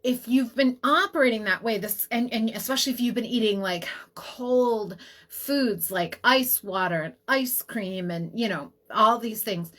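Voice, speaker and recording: A middle-aged woman health practitioner giving a casual teaching talk, telling stories with quick asides. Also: a little high. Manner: animated storytelling with quick asides.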